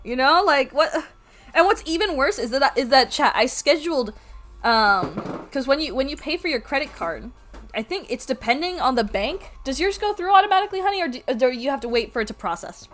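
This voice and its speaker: A woman streamer telling a story to her chat at home, animated, swearing freely and laughing as she goes. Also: high voice, fairly quick, faint music behind. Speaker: art streamer.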